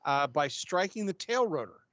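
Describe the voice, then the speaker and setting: Dry, slightly high man reading news. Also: sing-song, normal speed, fairly bright tone, no echo, dull audio. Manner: reads stories with fillers and restarts. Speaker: co-host reading news stories. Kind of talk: casual livestream chat.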